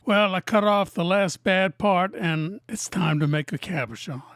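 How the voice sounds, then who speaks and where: A woman who cuts and sells opals, narrating her workshop video in a deadpan, teasing way. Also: fairly low pitch, a little slow. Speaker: opal cutter and seller. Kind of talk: narrated lapidary video with jokes.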